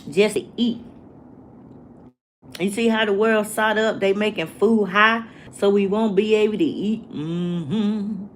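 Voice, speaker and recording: A woman speaks in a casual livestream rant. She preaches slowly and deliberately, circling back to the same rhetorical questions. A faint background noise sits under her voice. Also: mid-range voice. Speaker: vlogger.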